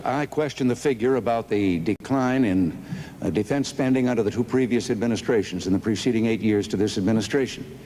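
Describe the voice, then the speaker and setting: A man giving a rebuttal in a formal debate, steady and conversational, going through points one by one, from an archival recording. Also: fairly low pitch, a little hiss or hum. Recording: archival debate audio with long hall reverb.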